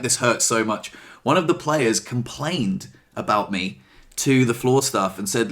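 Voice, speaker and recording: A man recounting his week to camera in a casual vlog, expressive and swearing freely, acting out what people said. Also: mid-range voice, normal speed. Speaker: vlogger.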